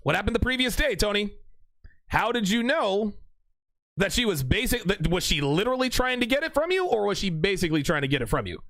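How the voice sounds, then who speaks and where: A man's voice: sits high, sing-song, brisk, a bit bright, no echo. A man hosting a live stream, reading chat comments aloud and teasing a viewer with laughing mock-courtroom banter. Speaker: livestream host reading chat.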